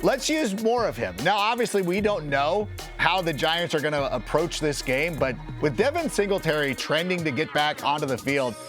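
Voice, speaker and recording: A man's voice: fairly high pitch, lively intonation, normal speed, hardly any pauses, fairly bright tone, soft background music. A man co-hosting a fantasy football show, ranting emphatically with mock outrage. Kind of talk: animated sports banter.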